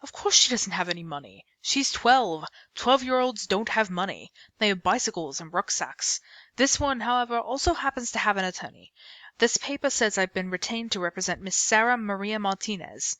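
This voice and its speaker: A man's voice: high voice, expressive, moderate pace, pushed and bright, no room sound. A woman reading aloud and voicing a polite, confident, well-dressed male attorney.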